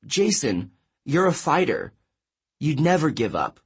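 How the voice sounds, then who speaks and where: Earnest teenage girl, voiced by a male narrator, soft and raised, a touch husky, audiobook read. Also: a little high, big pitch swings, a little slow, voice pushed up, exaggerated voice. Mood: tender.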